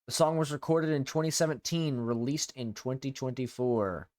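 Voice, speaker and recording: A man's voice: mid-range voice, moderate pace, darkish tone. A man streaming live as a VTuber, chatting casually, rambling and swearing freely.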